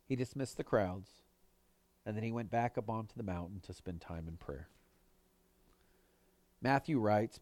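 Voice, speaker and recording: A male pastor preaching a sermon in an earnest manner, pushing his voice up for emphasis and dropping it low on quoted words. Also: unhurried, pauses often, a little mellow, no room sound.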